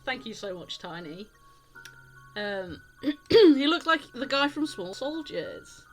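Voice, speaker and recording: A woman's voice: sits high, sing-song, takes it slowly, poor audio. A woman streaming a narrative game live, reading its text aloud and breaking off into casual, sweary asides. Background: loud game music.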